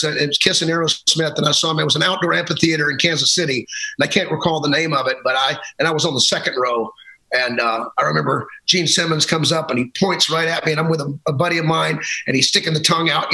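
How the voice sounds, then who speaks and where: A man's voice: fairly high pitch, fairly even intonation, fast talker, vocal fry, pushed and bright, rough recording. An American man, a guest on the podcast, telling stories in an easygoing, laughing way. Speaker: guest, singer and vocal coach. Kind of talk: casual interview chat.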